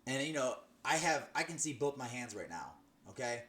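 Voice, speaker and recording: A man's voice: mid-range voice, sing-song, normal speed, sharp tone, slight background noise. A young man giving a personal faith testimony, telling his story earnestly with many restarts and "you know"s. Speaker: testimony speaker.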